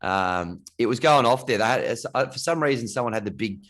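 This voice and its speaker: Laid-back Australian guy, lowish voice, chatty podcast co-host. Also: animated, a bit bright. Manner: easygoing, quick to laugh, chatty. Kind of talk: casual chat.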